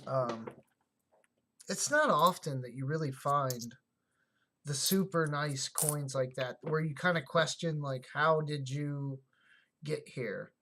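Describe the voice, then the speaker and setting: Slow, chatty livestream host thinking aloud. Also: medium pitch, bright, forceful tone, slight background noise. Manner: thinks aloud, chatty, talks back to chat comments. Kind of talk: casual livestream chat while sorting coins.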